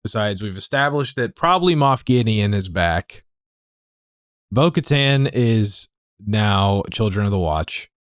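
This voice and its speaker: A man's voice: lowish voice, animated, unhurried, clean tone, no room sound, clean studio sound. A young man co-hosting a reaction show, chatting in a laid-back, unsure way. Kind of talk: casual chat.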